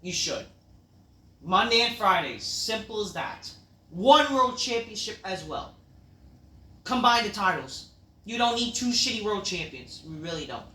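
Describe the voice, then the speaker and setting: A man's voice: high voice, big pitch swings, measured pace. Profane, rambling man ranting. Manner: rambling, profane, loud outbursts. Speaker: wrestling show reviewer. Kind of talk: casual ranting review. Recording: echoey room, mic at a distance.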